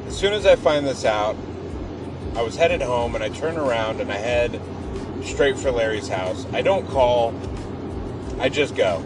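A man's voice: mid-range voice, animated, unhurried, pauses often, recorded from a distance, music in the background, rough recording. A middle-aged man hosting a podcast, telling a personal story and reflecting on faith in an earnest, emphatic way. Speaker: podcast host.

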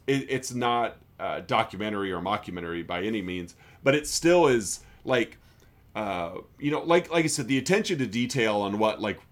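A man's voice: fairly low pitch, animated, normal speed. A man co-hosting a movie podcast, chatting casually in a rambling way and laughing often. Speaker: podcast co-host.

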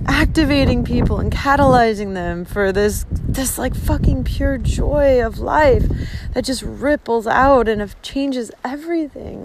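A woman in her thirties talks into her phone outdoors on a coastal hike, gushing about life with constant swearing and fillers. Her voice sits fairly high, with a faint hiss of noise behind it. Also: measured pace. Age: 30s. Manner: effusive, heavy swearing, many fillers. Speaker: vlogger on a long-distance hike. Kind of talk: casual spoken vlog monologue. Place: outdoors on a coastal hillside at dusk. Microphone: handheld phone.

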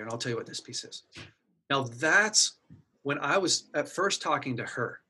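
A man's voice: a little high, expressive, moderate pace, bright, forceful tone, husky. A middle-aged man earnestly telling a personal story in casual conversation, acting out his own inner dialogue. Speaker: guest sharing a personal story.

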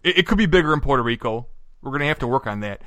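A man's voice: mid-range voice, lively intonation, rapid-fire, fairly bright tone, no echo. A man co-hosting a podcast in casual, jokey banter, rattling off lists with playful humor. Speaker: podcast co-host. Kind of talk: casual chat.

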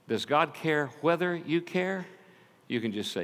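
An older man preaching a sermon, telling stories and swinging from loud, urgent passages to hushed ones. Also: fairly high pitch, animated, a little slow. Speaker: pastor. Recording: long reverb of a large hall.

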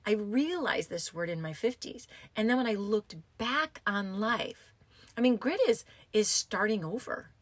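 A woman's voice: medium pitch, lively intonation, measured pace, dry recording. Woman in her fifties, motivational podcast host; emphatic, casual, mid voice in a dead, dry booth. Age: 50s. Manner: emphatic, repeats key phrases. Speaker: podcast host and yoga teacher.

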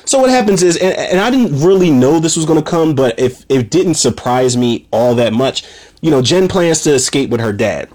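A man with a fairly high voice talks through a horror movie in loose, casual speech. He swears freely and gets worked up into animated rants, turning often to address his listeners as "people.". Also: moderate pace. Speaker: movie reviewer. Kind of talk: casual spoken movie recap.

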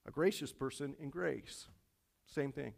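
A man preaching a sermon, telling a personal story with many fillers and animated storytelling. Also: mid-range voice, a little slow, creaky. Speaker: pastor. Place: church auditorium.

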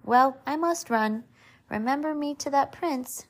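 A woman's voice: sits high, measured pace, voice pushed up. A woman reading aloud and giving light voice to a jovial, chatty man with a long memory. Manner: jovial, rambling. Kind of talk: storybook read-aloud.

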